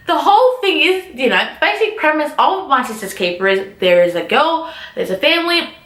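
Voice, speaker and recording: A young woman ranting casually to camera as a book vlogger, animated and swearing freely. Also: mid-range voice, reverberant.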